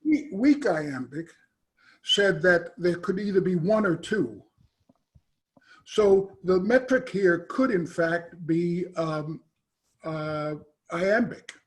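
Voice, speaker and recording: A man, a professor, asking a long question after an academic talk, halting often with "uh" and restarting his sentences. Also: high voice, animated. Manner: hesitant, halting, many "uh" and restarts.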